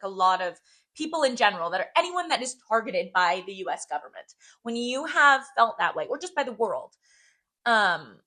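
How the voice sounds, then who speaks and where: A woman's voice: mid-range voice, pushed and bright. A young woman co-hosting a casual podcast, talking in a heartfelt way, repeating phrases and saying "like" often. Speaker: podcast co-host.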